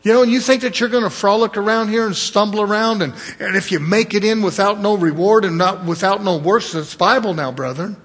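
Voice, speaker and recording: Husky high-voiced guy preaching hard, keeps repeating lines to drive it home. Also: brisk, few pauses, fairly bright tone. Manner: emphatic, repeats phrases for stress. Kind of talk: sermon.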